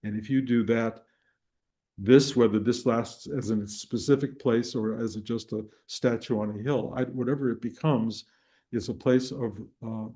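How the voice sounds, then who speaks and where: A man's voice: mid-range voice, fairly even intonation, moderate pace, dark tone. An older man teaching a spiritual group, telling a personal story in a rambling way with restarts and chuckles. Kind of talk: dharma talk to a live and online group.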